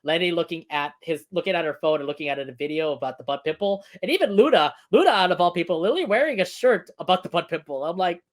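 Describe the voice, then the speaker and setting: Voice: mid-range voice, animated, fast, hardly any pauses. A co-host of a cartoon review stream, recapping episodes in casual chat and laughing often between points.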